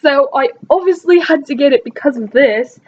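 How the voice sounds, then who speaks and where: A woman's voice: high-pitched, normal speed, muffled recording, a little hiss or hum. A young woman chatting in a casual vlog, talking in an imitated British accent. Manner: chatty and enthusiastic, with frequent restarts. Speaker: book vlogger.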